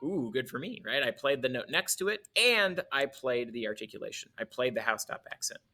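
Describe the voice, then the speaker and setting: A man's voice: mid-range voice, big pitch swings, a little fast. A male music teacher explaining articulation in a casual way, correcting himself as he goes and demonstrating on his instrument.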